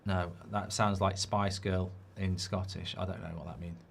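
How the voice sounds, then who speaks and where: A man's voice: deep voice, moderate pace, gravelly, a little hiss or hum. A man hosting a live football watchalong, chatting loosely, reading out viewer questions and swearing when frustrated. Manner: excitable, sweary, reads viewer questions aloud. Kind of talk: live match watchalong chat.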